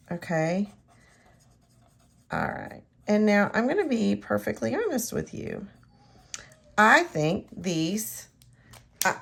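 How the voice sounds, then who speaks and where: A woman's voice: mid-range voice, creaky, slight background noise. A woman demonstrating card making in a chatty tutorial, talking straight to the viewer and often dropping to a near-whisper as she works. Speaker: craft demonstrator. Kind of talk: hands-on crafting tutorial.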